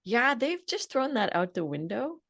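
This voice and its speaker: A woman's voice: a little high, very animated, normal speed, no echo. Earnest, talkative woman podcast host. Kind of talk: casual interview chat. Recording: dry close sound.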